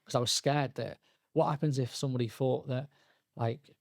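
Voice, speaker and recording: A young man, a podcast guest telling his story candidly, halting and restarting often. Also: mid-range voice, steady tone, creaky, no echo, clean studio sound. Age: young adult. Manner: halting, frequent restarts and fillers, quoting himself and others.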